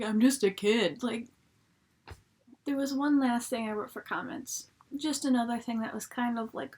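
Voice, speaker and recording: Young woman, husky, bit high, casual rambling reviewer who swears. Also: darkish tone. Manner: chatty, rambling, swears freely. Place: home, at a laptop.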